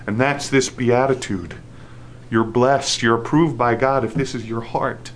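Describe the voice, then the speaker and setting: A man's voice: mid-range voice, steady tone, unhurried, a little hiss or hum. A man preaching a sermon, restarting phrases with fillers and rising into an emphatic, repetitive cadence. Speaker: pastor.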